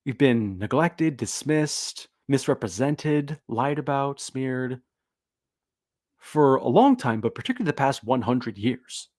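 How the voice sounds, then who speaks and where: Man, stream host, casual sarcastic commentary, joking, mid-pitched voice, dry close sound. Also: lively intonation, unhurried, darkish tone, no echo. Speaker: host of a livestream.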